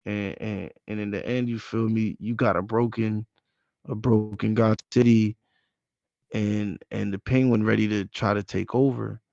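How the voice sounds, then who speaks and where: A man's voice: on the low side, moderate pace, gravelly, dry recording. Insistent man on a dull, dry mic. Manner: animated, insistent, repeats himself. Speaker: podcast host. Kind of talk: casual chat.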